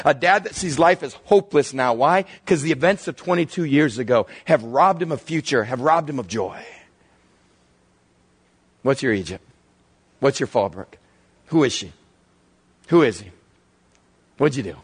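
A man preaching a sermon as pastor, telling a Bible story with animated voices and sudden hushed low asides. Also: unhurried, pauses often, breathy edge.

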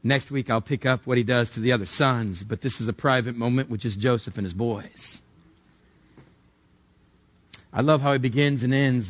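A man preaching a sermon in a conversational manner. His middle-pitched voice leans into each point and turns often to direct questions for his listeners. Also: brisk, hardly any pauses. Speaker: pastor.

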